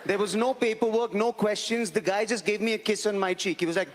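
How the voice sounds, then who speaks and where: A man's voice: high-pitched, fairly even intonation, fairly quick. A man with an Indian accent from India, performing a stand-up comedy set in a large live venue with a wry, ironic delivery. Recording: reverberant hall with live audience and noise.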